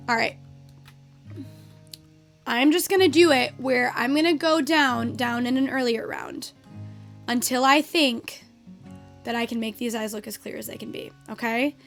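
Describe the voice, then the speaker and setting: A young adult woman with a high, fairly bright voice streams a game, chatting casually with viewers and swearing at the game as she teaches. Faint guitar music plays behind her.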